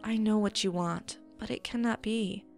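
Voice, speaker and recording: A calm young noblewoman speaks softly and soothingly, as a woman reading aloud puts her on. Her voice sits at an ordinary middle pitch. Faint music plays underneath. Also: moderate pace, vocal fry, close to an everyday voice. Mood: gentle. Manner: soft, soothing. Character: young highborn woman, gentle and careful.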